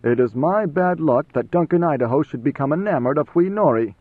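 A nervous, tightly wound messenger, as a man puts him on, speaking in a controlled, urgent hush. The voice sits a little high and comes through a dry, tinny, phone-like band. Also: animated, a little fast, slightly rough, no room sound. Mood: tense. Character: tense, fearful male court messenger.

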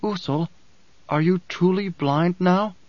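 A man voicing a soft-spoken young woman of a desert tribe, talking gently and in a hushed way in an audiobook. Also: high voice, slow pace, no room sound, muffled recording, voice pushed up. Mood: gentle, hushed. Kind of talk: audiobook character voice.

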